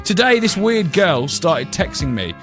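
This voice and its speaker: A man's voice: high-pitched, music in the background. A man hosting a comedy radio talk show, telling stories with lots of laughs and acting out voices. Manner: animated storytelling, quick laughs, acts out other voices. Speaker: radio host.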